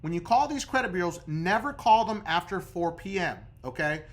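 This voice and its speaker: A man's voice: sits high, lively intonation, moderate pace. A man coaching viewers on credit repair in a casual instructional video, talking emphatically and checking in with the viewer over and over.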